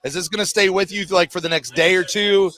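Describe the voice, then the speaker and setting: A man's voice: sits high, steady tone, brisk, pushed and bright. Upbeat laughing male show host. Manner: upbeat, teasing, laughing often. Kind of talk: live call-in show chat.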